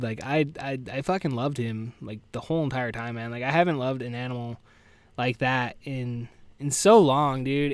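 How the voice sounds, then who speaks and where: Man, podcast host, solo casual monologue, grieving and subdued, profane, lots of "dude", smooth resonant voice. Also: medium pitch, no room sound. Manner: rambling, profane, peppers talk with "dude" and "like". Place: at home with farm animals nearby.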